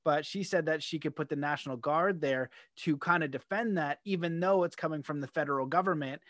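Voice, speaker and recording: A Canadian man with a fairly high voice rambles loosely through a casual podcast conversation, animated and quick to laugh. The recording is close and dry, with no room echo.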